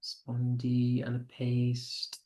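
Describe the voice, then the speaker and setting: A man with a British accent teaching an online English lesson, encouraging students and reading lines of verse slowly with heavy stress. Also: mid-range voice, monotone, dark tone, roomy sound.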